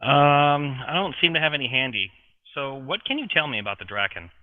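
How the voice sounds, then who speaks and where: A polite, nervous interviewer, played by a man tiptoes around his guest and apologizes quickly. The voice comes through a thin, tinny voice chat line. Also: mid-range voice, lively intonation, natural voice. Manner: apologetic, eager to please.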